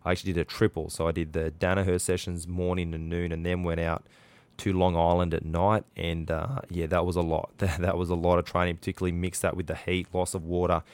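A man's voice: sits low, little pitch movement, fairly quick, smooth, no room sound. An Australian man hosting a podcast, telling a story in a chatty, rambling way with lots of fillers and restarts. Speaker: podcast host. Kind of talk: casual storytelling.

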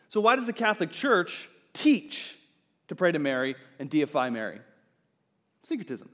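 A man preaches a sermon, dropping to soft asides and then rising to loud, emphatic points. His voice sits a touch high for a man. It carries a long reverb in a church hall. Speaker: pastor. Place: church sanctuary.

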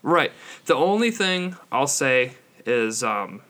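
A man's voice: medium pitch, sing-song, slow pace, fairly bright tone. Young male podcast co-host, casual, sweary, mid-range voice. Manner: swears freely, mocks accents in put-on voices. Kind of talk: casual chat.

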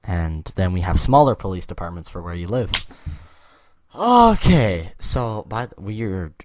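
A man's voice: low voice, sing-song, unhurried, background noise. A young man hosting a podcast, chatting casually and rambling with jokes and laughs. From Canada. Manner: rambling, jokey, laughs often. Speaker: podcast host.

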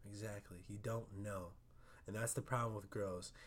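A young man co-hosting a podcast, talking loudly and passionately with lots of emphasis in a casual couple chat. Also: lowish voice, steady tone, moderate pace. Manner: loud and passionate, argues with emphasis. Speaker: podcast co-host.

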